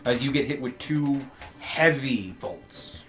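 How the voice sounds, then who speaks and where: A man narrating a tabletop game as game master, lively, laughing and swearing freely. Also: mid-range voice, slow, soft background music.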